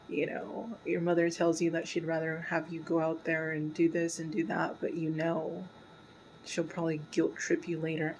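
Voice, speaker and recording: A woman hosting a casual reaction video, talking through an episode with many fillers and slipping into a soft whisper at sad parts. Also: lowish voice, slight background noise, poor audio. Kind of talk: casual pause-and-talk commentary.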